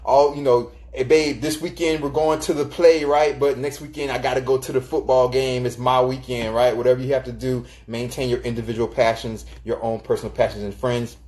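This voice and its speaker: A man hosting a live stream in a loose, chatty way, offering relationship tips. His voice sits in an ordinary middle pitch, and he keeps stopping to greet viewers by name. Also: flat delivery, a little fast, few pauses, a little mellow. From Florida, United States. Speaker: live stream host giving relationship advice. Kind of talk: casual live-stream talk.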